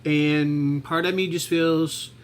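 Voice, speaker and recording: A man talking to his camera in a reflective personal vlog, halting and heartfelt, with many restarts and fillers. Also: on the high side, fairly even intonation, a little hiss or hum. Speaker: vlogger.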